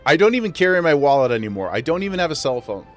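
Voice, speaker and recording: A man streaming a game, chatting casually with his viewers, playful and quick to laugh as he talks straight to chat. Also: fairly high pitch, very animated, soft background music. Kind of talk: casual live-stream chat while gaming.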